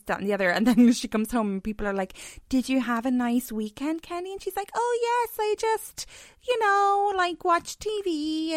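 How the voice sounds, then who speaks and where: A woman co-hosting a podcast in casual chat, acting out quotes in sudden high voices. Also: no echo, clean studio sound. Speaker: podcast co-host.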